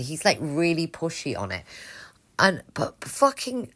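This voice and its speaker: A woman's voice: low voice, sing-song, moderate pace, fairly bright tone. A young woman co-hosting a podcast, telling a rambling story in casual chat, frank and swearing often. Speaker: podcast co-host.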